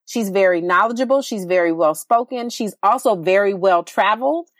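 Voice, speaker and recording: A woman's voice: mid-range voice, normal speed, dry recording, clean studio sound. A woman hosting a podcast, talking candidly in casual chat with frequent restarts. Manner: candid, chatty, stumbling restarts. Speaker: podcast host.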